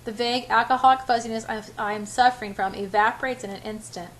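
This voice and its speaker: An older woman reading a novel aloud as an amateur, unhurried, with small slips and restarts. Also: on the high side, fairly even intonation, fairly bright tone, poor audio. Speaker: reader.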